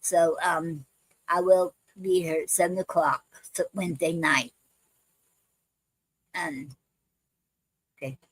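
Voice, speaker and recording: A woman's voice: fairly low pitch, fairly even intonation, takes it slowly, long pauses, no echo, poor audio. A woman hosting a poetry livestream, chatting casually with many ums and restarts and calling her viewers family. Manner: affectionate toward viewers, calls them fam.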